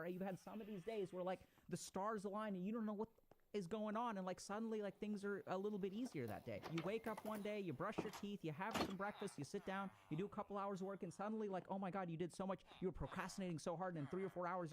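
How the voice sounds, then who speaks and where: A man with a high voice talks through ideas in a loose, casual lecture, now and then slipping into quick acted-out inner voices. Clear noise sits under the recording throughout. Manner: animated, acts out inner voices, swears casually. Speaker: speaker on motivation and mind. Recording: noisy recording.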